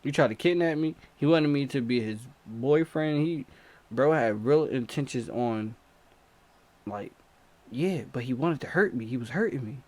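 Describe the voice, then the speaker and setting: A young man telling a story in a casual vlog, animated and slangy, swinging from low mutters to excited outbursts. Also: normal speed. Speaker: storytime vlogger.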